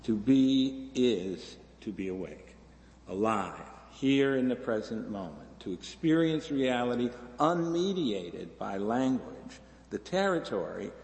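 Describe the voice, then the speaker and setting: Brief: male minister, sermon delivery, slow and unhurried, gravelly low voice, recorded in an echoey hall. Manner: slow and reflective, with lively voices for quoted figures. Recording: echoey hall, slightly distant.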